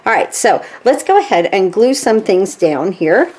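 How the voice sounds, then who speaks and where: A woman's voice: mid-range voice, very animated, a little slow, darkish tone, slightly rough. A woman demonstrating a stitching craft step by step, chatty, checking in with "okay?" as she works. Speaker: craft tutorial host.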